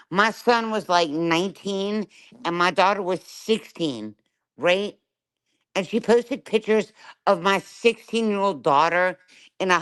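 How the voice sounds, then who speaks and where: A woman's voice: on the low side, smooth. Furious profane woman ranting on a livestream. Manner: profane, confrontational, keeps asking "right?". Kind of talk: angry live-stream rant.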